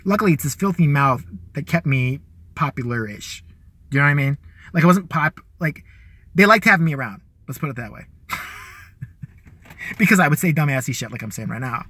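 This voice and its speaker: A man from the Chicago area tells crude, rambling stories live on his show, with frequent laughs. His voice sits a little high and sounds bright and forceful. His delivery swings widely up and down. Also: animated, brisk, pauses often, a little hiss or hum. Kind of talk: casual profane storytelling.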